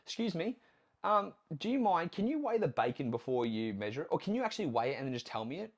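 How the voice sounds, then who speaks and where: A fussy mother at a restaurant table, politely but anxiously asking staff to weigh her food, as a man mimics her. The voice jumps high and thin in a mocking, exaggerated way. She sounds prim and overly careful. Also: sing-song, quick pace.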